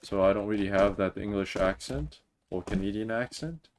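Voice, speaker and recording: A man's voice: fairly low pitch, normal speed, darkish tone, slight background noise. A man in his twenties from Mauritius, a native French speaker, chatting casually on a game livestream as he reads chat aloud and answers it, recorded at home on a desk mic. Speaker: game streamer. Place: home room, Toronto.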